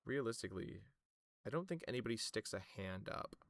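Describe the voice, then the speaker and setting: A man narrating a tabletop game as the game master, in slow, descriptive narration. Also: on the low side, lively intonation, gravelly, dry recording, clean studio sound.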